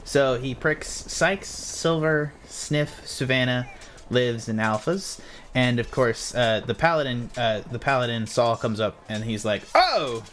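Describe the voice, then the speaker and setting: A man narrating as game master in a relaxed, casual way, with many fillers. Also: mid-range voice, a little slow, a little hiss or hum.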